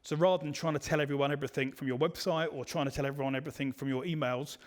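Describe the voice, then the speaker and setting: A man's voice: fairly high pitch, steady tone, very fast. Man presenting a webinar, chatty with restarts. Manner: conversational, many fillers and restarts. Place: online webinar.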